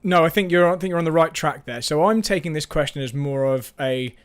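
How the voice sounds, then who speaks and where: A man's voice: fairly high pitch, fairly quick, smooth. A man hosting a casual live-stream chat, rambling and self-mocking, with frequent restarts. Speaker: host.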